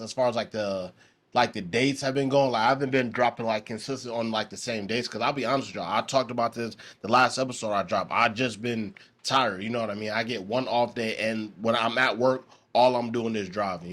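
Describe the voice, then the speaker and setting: A man's voice: fairly low pitch, a bit bright. A man hosting his own podcast in a casual, rambling way, with many fillers and restarts. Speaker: podcast host.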